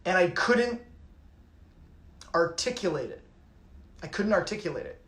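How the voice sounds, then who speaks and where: A man's voice: sits high, expressive, measured pace, a bit bright, reverberant. A middle-aged man from Canada, a yoga teacher, talking casually and reflectively, rambling and repeating his phrases with many restarts.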